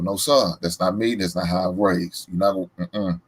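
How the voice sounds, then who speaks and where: A man's voice: low voice, normal speed, hardly any pauses, husky. A man from the American South with a Southern accent, hosting a reaction show in casual, emphatic commentary. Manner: animated, emphatic, loud laughs.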